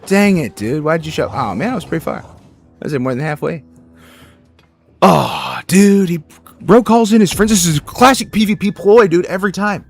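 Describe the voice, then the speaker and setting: A man giving casual, excitable commentary while playing a game, joking and talking to himself and the game. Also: high voice, moderate pace, creaky, husky, soft background music. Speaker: gameplay streamer.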